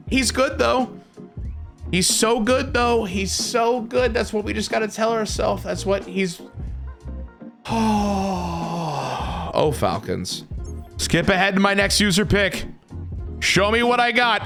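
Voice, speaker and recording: A man commenting on his own video game play, excitable and dramatic, swinging from shouts to groans. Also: high voice, slow pace, soft background music. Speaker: gaming YouTuber.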